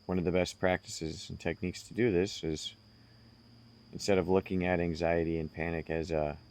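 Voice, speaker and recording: A man speaking slowly and earnestly, giving direct self-help advice to the listener. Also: low voice, little pitch movement, darkish tone. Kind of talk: casual advice monologue.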